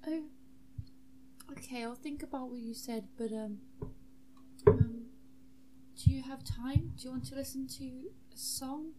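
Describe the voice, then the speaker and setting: An earnest, awkward bard who speaks hesitantly and croons long, drawn-out lines, as a woman puts him on. The voice sits a little high and is soft and mellow. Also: fairly even intonation, faint music behind. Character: earnest awkward bard singing a silly love song.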